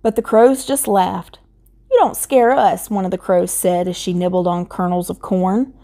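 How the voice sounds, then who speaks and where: A woman reading a children's picture book aloud in a gentle, measured way. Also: lowish voice. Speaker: storybook reader.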